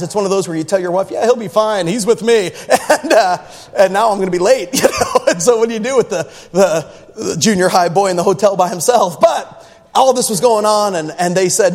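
A man preaching, telling a story with laughter and swings from low grumbling to loud shouts. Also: moderate pace. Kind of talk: sermon story. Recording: reverberant hall.

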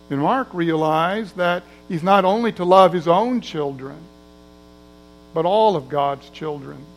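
Slow-speaking male preacher. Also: fairly high pitch, creaky, a little hiss or hum, rough recording. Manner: conversational preaching, acts out quoted voices. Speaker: pastor. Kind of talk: sermon.

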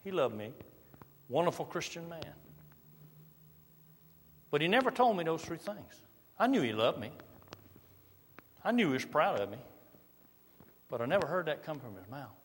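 A middle-aged man preaching a sermon, reading scripture and dropping to soft, slow emphasis on key lines. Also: fairly high pitch, very animated, a little hiss or hum. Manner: varies loudness widely, drops to soft slow emphasis. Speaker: pastor. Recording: long reverb of a large hall.

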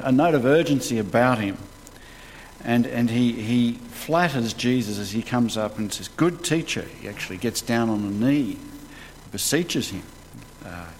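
A man preaching a conversational sermon, retelling scripture as a lively story in colloquial words. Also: fairly low pitch. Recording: long hall reverb, faint background noise.

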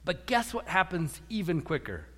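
Animated preacher man in an echoey hall. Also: sits high, moderate pace. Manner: animated, acts out quotes, repeats words. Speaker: pastor. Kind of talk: sermon.

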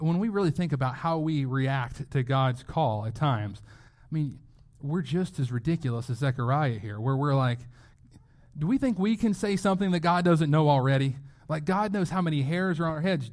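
A man's voice: on the high side, brisk. A middle-aged man preaching a sermon in a casual, conversational way, acting out quotes from the people in his story. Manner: conversational, animated, acts out quotes. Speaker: pastor.

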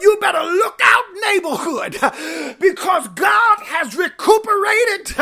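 A woman preacher with a very high, bright voice and a gravelly edge, giving a fervent sermon. She shouts and cries out key phrases and calls straight to her congregation. Her phrasing stays slow and drawn out even when she is loud. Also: slight background noise. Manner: talks straight to the congregation, stretching key words.

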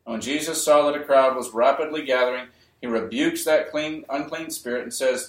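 A man's voice: mid-range voice, moderate pace, a bit bright. Man preaching a sermon in an echoey room. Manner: emphatic preaching, repeats key phrases, rises to raised voice. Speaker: pastor.

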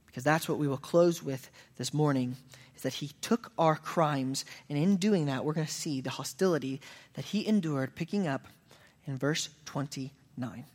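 A man's voice: on the high side, moderate pace, darkish tone. A man preaching a sermon as pastor, earnest, raising his voice for emphatic quoted lines. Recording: long reverb of a hall.

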